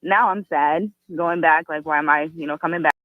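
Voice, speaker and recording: A woman calling a radio show for the first time, telling a personal story earnestly and quickly. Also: low voice, no room sound. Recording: tinny phone line.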